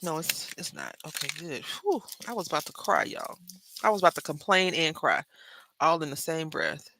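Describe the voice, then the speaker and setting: A woman hosting a craft channel, chatting with viewers while she makes a card, calling them "y'all" and jumping between loud remarks and hushed asides. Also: deep voice, very animated, normal speed, noisy background. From Brazil. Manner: chatty, talks straight to viewers, lots of "y'all". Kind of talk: casual chat while crafting live.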